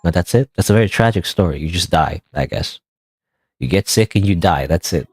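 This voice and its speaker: A man's voice: sits low, animated, fairly quick, darkish tone, husky, soft background music. A man casually commenting on a game while streaming, rambling and often unsure of himself. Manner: rambling, unsure, self-questioning.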